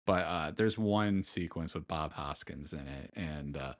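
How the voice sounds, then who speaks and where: A man's voice: rumbling low, a little slow. A man co-hosting a podcast in casual chat, telling the story at length with lots of fillers. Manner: rambling, storytelling with filler words. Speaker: podcast co-host.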